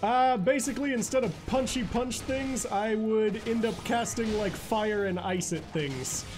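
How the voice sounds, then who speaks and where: High-voiced, goofy male game streamer. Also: a little slow, over music. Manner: goofy and jokey, laughs and makes silly noises. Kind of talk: casual gaming commentary.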